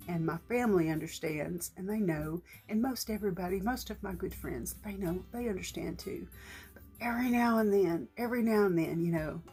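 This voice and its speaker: A middle-aged woman, talking earnestly to her vlog audience in a gentle, shaky, emotional voice. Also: fairly low pitch. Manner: gentle and earnest, with faith talk and small restarts. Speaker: vlogger. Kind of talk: heartfelt personal vlog talk.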